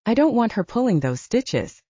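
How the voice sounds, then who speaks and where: A woman reading an audiobook, voicing an adult man with a raspy, commanding, growling manner. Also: fairly high pitch, sing-song, moderate pace, mellow, no room sound, dull audio, pitched above the performer's own voice. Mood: urgent. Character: demanding adult male lover.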